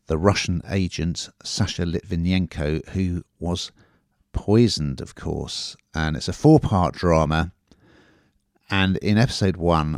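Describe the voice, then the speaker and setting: A man with a very low voice reviews a TV drama in a casual podcast chat, rambling a bit and leaning on fillers in a chatty way. The recording is dry and close, with no room sound at all.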